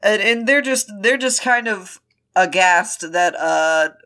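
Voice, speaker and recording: A woman's voice: mid-range voice, lively intonation, takes it slowly, sharp tone. A woman co-hosting a podcast, casually recapping a show with playful riffing and swearing. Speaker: podcast co-host.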